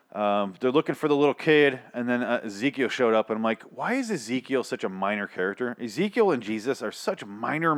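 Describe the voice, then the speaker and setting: A young man podcaster ranting in a casual, profane recap, rambling with many restarts. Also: on the low side.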